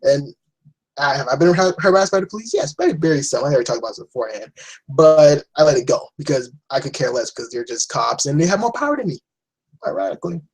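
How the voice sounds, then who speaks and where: A man's voice: a little high, very animated, quick pace, a little mellow, slightly rough, rough recording. A young man giving a rambling, blunt opinion rant to camera, swearing often and restarting his sentences. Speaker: vlogger.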